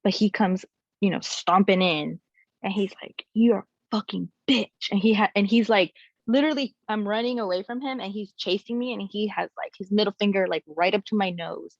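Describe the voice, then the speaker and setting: A young adult woman telling a personal story as a guest, in a candid and animated way with many casual fillers. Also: mid-range voice, brisk, no room sound. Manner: animated, frequent "like" and "you know" fillers. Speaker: guest sharing her story. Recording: slightly muffled, dry recording.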